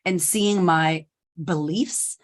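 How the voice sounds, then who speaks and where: A woman guest on a podcast, telling her story in a candid, animated conversational way. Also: fairly low pitch, takes it slowly. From United States. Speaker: podcast guest, confidence coach. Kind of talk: conversational interview.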